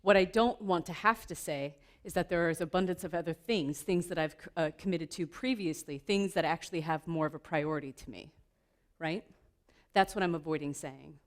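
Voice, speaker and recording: A woman giving a playful, lively keynote talk at a conference, laughing often with the audience. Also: deep voice, moderate pace. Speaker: keynote speaker. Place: conference room.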